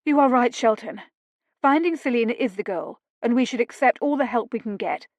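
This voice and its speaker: A woman's voice: fairly high pitch, brisk, darkish tone, no room sound, pitched above the performer's own voice, close to an everyday voice. A woman voicing a curt, commanding duchess. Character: scornful noblewoman, a duchess.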